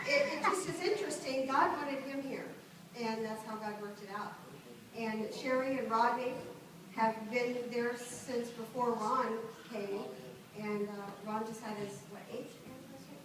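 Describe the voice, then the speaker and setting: A woman gives a loose, laughing birthday tribute to a crowd, pausing with ums between anecdotes. Her voice sits a little high. It comes from well away from the mic in a very echoey hall, with clear party noise all around. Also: fairly even intonation, far from the mic. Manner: chatty, laughing between stories, frequent ums. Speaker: guest giving a birthday tribute speech. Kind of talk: informal speech to a party crowd.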